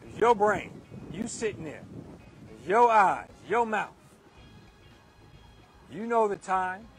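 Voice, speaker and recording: A man with a high-pitched voice preaches off the cuff in a windy park, hammering each point with repetition. Faint music sits far behind him. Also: sing-song, slow pace, husky. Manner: emphatic and repetitive, driving points home. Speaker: speaker giving a moral talk.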